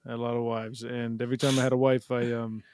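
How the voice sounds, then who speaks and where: A man's voice: medium pitch, flat delivery, quick pace, darkish tone, clean tone, no echo, studio quality. A man improvising a weary trader in a comedy sketch, rambling and hesitant. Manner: rambling, hesitant, full of ums.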